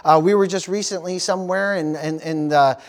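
High-voiced preaching pastor, call-and-response. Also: male voice, steady tone, brisk. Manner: call-and-response preaching, frequent "praise the Lord" and "amen". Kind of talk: sermon.

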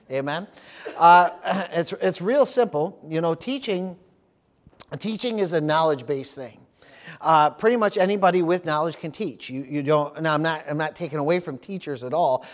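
A man preaching a sermon as pastor, often stopping for amen, praise the Lord and hallelujah, repeating words as he goes. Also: a little high. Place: church service.

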